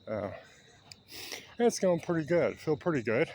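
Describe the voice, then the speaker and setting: A man's voice: a little high, sing-song, unhurried, a little mellow, slight background noise. A man in his seventies chatting casually while walking a park trail, rambling as he goes. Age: 70s. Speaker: vlogger.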